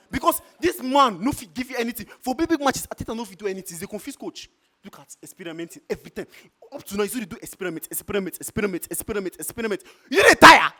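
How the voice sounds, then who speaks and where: A man with a Nigerian Pidgin English accent gives a heated, repetitive football fan rant. His voice sits very high and swings widely in pitch. It has a bright, sharp edge. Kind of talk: street fan reaction rant.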